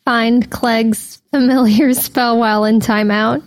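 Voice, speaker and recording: A woman's voice: on the high side, steady tone, slow pace, dry recording. A woman playing a tabletop game, speaking tentatively and giggling often. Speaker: player. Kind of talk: casual tabletop play.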